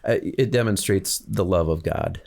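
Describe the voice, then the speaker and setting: A man in a casual podcast conversation, speaking thoughtfully about faith in a measured way with many pauses and fillers. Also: lowish voice, gravelly, darkish tone. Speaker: podcast guest. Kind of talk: casual chat, reflective faith talk.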